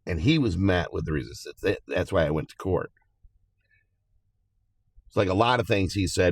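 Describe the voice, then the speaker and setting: Male commentary host, very low voice, dry close sound, hesitant and rambling. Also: animated, moderate pace, creaky, pauses often, dry recording. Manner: rambling, hesitant, talks to viewers as guys. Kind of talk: casual political commentary.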